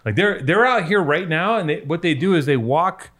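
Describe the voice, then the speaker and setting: A man's voice: a little high, lively intonation, normal speed, a bit bright. A man hosting a podcast, chatting casually and joking around with plenty of swearing. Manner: loose, joking, swears freely. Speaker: podcast host. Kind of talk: casual chat.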